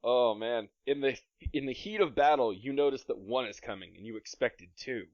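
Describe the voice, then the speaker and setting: A man running a tabletop game as game master, playful and narrating combat with quick asides. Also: medium pitch, lively intonation, no room sound. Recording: dry, slightly dull podcast mic.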